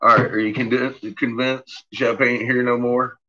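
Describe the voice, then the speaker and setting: Brief: man with a dull-sounding phone recording, unhurried and amused, narrating his pets with plenty of swearing. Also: medium pitch, little pitch movement, bright, forceful tone. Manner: amused, profane, voices his dogs' thoughts. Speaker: dog owner filming his pets. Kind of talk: casual commentary to camera. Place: house basement. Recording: dull lo-fi home video.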